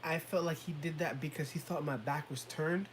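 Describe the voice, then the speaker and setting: A man co-hosting a casual talk show, telling relaxed stories about his sons and mimicking them. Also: on the high side, moderate pace, slight background noise, rough recording. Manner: relaxed storytelling, laughs often, mimics kids and parents. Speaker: podcast co-host. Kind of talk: casual chat.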